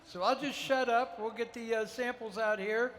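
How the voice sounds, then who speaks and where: A man's voice: extremely high pitch, fairly even intonation, normal speed, a bit bright, big-room sound. A man from Ohio, a guest chef, telling rambling, folksy stories with lots of fillers during a live cooking demo on a festival stage.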